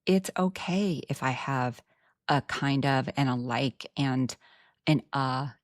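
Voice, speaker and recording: A woman's voice: rumbling low, slow pace, no echo, clean studio sound. A woman with a Texan accent hosting a podcast chat, earnest and reflective with frank asides. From Texas. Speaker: podcast host. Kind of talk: casual podcast conversation.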